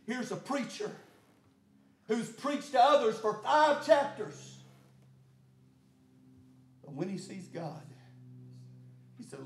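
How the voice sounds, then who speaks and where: A male pastor preaching a sermon, peppering his lines with "uh" and "amen" and building to shouted climaxes. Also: sits high, animated, slow pace, long pauses, roomy sound. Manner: frequent "uh" and "amen" fillers, rising to shouted climaxes.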